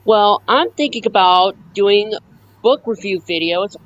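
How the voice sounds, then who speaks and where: Give me a hesitant woman on a muffled video call who speaks slowly. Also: mid-range voice, lively intonation. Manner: hesitant, stumbles and corrects herself. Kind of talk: casual video-call chat. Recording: dull call audio with faint noise.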